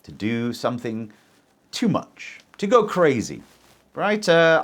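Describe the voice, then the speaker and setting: A male English teacher leads a pronunciation lesson, saying example sentences for learners to repeat. He speaks slowly and with great care. His intonation climbs and drops a long way as he stresses words. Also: medium pitch. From English-speaking country. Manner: very lively teacher intonation, slow deliberate pacing.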